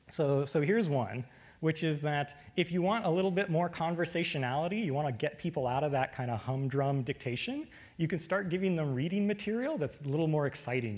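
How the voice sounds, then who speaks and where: A man giving a technical lecture, relaxed, with frequent fillers. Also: fairly high pitch, slightly rough.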